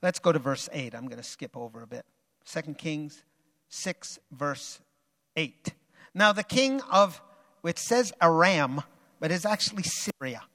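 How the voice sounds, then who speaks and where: A male preacher reads a Bible story aloud and retells it dramatically, swinging between loud bursts and quiet asides. His voice is high and bright with a sharp edge. A long hall reverb hangs around every phrase. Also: animated, a little slow. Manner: dramatic, varies loudness and pace freely. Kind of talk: sermon with dramatic Bible reading.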